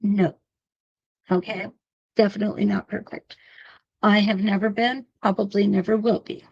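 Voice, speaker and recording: A woman's voice: medium pitch, level tone, moderate pace, a little mellow, husky, muffled recording. A middle-aged woman teaching a quilting demo to online viewers, chatty and talking to them as she works, with a laugh now and then. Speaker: quilting instructor. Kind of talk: live-streamed quilting demo.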